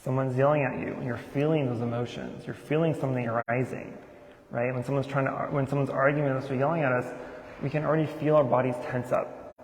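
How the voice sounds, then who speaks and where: A man's voice: medium pitch, fairly even intonation, fast. A man giving an informal Buddhist sermon, talking conversationally and asking many rhetorical questions. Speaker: Buddhist teacher giving a Dharma talk. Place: temple hall. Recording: echoey temple hall with long reverb.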